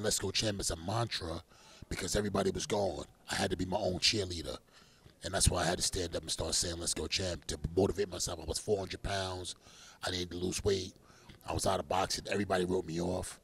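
Middle-aged male, gravelly, animated storyteller, laughs a lot, quick to shout. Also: sits low. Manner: animated, laughing, bursts into loud catchphrase shouts. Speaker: boxer, interview guest. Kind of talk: casual interview storytelling.

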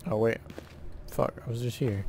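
Young guy cursing casually over a game, gravelly voice, bit of noise. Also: mid-range voice, steady tone, moderate pace, a little mellow. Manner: crude, sarcastic, offhand. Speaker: let's play gamer. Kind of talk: casual gameplay commentary.

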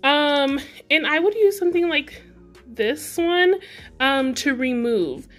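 Young female beauty vlogger, high voice, chatty and giggly, casual haul talk to camera. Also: animated, takes it slowly, soft background music. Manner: chatty, giggly, talks to viewers directly. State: out of breath. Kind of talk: casual product haul chat.

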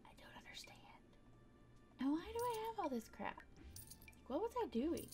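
High chatty woman narrating her game. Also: sing-song, moderate pace, warm tone. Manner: chatty, thinking aloud with playful sound words. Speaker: gaming video creator. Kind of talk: casual gameplay commentary.

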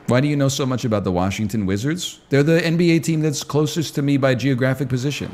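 A man hosting a stream in casual chat, with quick self-mocking asides. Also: medium pitch, a little mellow. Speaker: streamer host.

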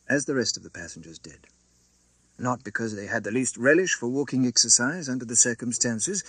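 A man narrates a classic novel as an audiobook, his delivery expressive and dramatic. His voice is medium-pitched, with no echo.

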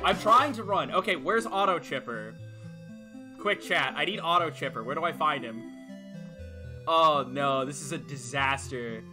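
A man streaming a video game, giving frantic, excitable commentary as he yells, laughs and swears. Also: a little high, unhurried. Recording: game music playing clearly behind.

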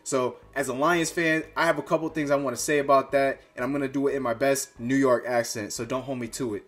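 A man's voice: mid-range voice, steady tone, fast, few pauses, fairly bright tone, soft background music. Fired-up man hosting a sports fan vlog. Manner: fired-up, trash-talking, conversational. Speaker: sports fan channel host.

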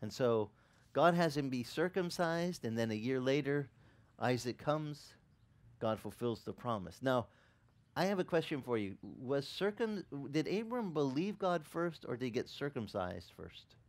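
With a lively, swinging pitch and a slightly slow pace, a middle-aged pastor delivers his sermon. He performs the quoted lines as he goes and laughs while recounting the story.

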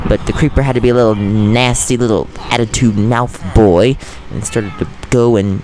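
Animated young man narrating Minecraft play. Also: mid-range voice, slow. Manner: excitable, swings from calm chatter to loud frustrated rants. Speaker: gaming host. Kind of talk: casual Minecraft commentary.

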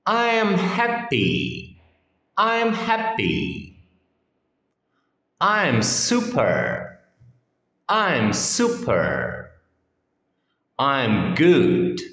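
Slow, sing-song male English teacher. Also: mid-range voice, a bit bright. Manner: reads each phrase on its own with pauses, often repeating it. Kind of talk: slow phrase-by-phrase lesson reading. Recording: echoey room with long reverb.

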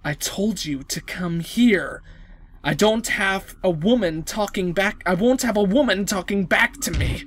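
A woman voicing a menacing young man gone mad, reading his game lines in a low, slow, sneering tone. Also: a little hiss or hum, natural voice. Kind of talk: voicing game dialogue in a let's play.

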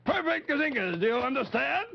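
Bombastic puppet chief voiced by a man, gravelly and shrill, dull vintage broadcast. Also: sing-song, heavily acted. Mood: demanding. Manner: pompous, bellowing, drawn-out. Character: pompous blustering male puppet chief. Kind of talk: 1950s children's TV puppet show. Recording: dull lo-fi 1950s TV audio.

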